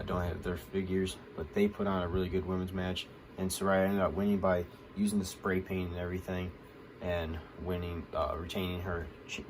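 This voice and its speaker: A low-voiced man recaps a wrestling show for his vlog in a loose, rambling way, full of "like" and "um." He gets more worked up as the action heats up. Clear background noise runs under the whole recording. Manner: rambling, many fillers, gets excited at big moments. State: hiccups.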